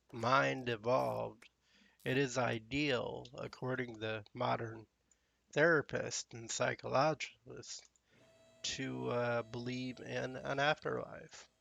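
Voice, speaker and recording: A man's voice: mid-range voice, steady tone, slow, creaky, a bit bright, dry recording, highs cut off. A man hosting a gaming channel, rambling and musing aloud in casual commentary while he plays.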